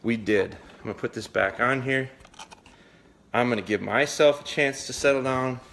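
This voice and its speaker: Bright-voiced, folksy male dog trainer. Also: medium pitch, normal speed, gravelly, slight background noise. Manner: folksy, rambling, repeats himself. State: out of breath, sweating. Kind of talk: live dog training stream talk.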